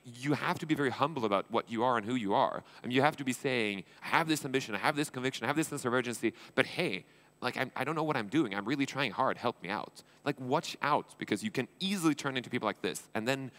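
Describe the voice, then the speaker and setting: A man from Sweden speaks from a conference stage at a brisk, rapid clip, his pitch sitting in an ordinary middle range. He keeps it informal and blunt, acting out quick exchanges and tossing in swearing asides. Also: fairly bright tone. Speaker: conference speaker, entrepreneur and investor. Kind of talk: conference keynote talk.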